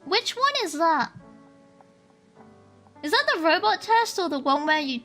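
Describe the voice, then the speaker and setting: A woman with a bright, high voice, talking casually to her stream viewers. She rambles, giggles and thinks out loud as she goes. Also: animated, measured pace, soft background music.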